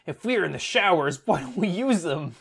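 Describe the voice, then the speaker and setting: A needy, demanding rich teenage boy, put on by a man reading aloud, pitched well above the reader's own voice with a gravelly edge. He pleads and pushes in a breathy, overwrought comic reading, like a spoofed romance audiobook. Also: expressive, moderate pace, fairly bright tone, full character voice. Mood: pleading. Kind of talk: comedic dramatic reading.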